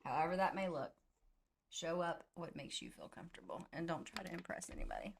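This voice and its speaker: A woman's voice: fairly low pitch, big pitch swings, brisk, gravelly, a little hiss or hum. A woman co-hosting a podcast in casual chat, chatty and laughing often. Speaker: podcast co-host.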